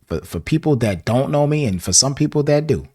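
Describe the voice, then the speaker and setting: This Southern US host chats and rambles through a music reaction video, full of laughs and filler words. He sounds animated and a little fast, with a medium-pitched, dark voice that has a breathy edge.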